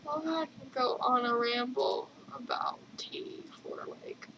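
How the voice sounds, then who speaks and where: A young woman chats through her video journal in a high, unhurried voice. She rambles, giggles often and leans on ums and likes. A faint hiss sits under her voice. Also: fairly even intonation. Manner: rambling, giggly, lots of fillers. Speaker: vlogger.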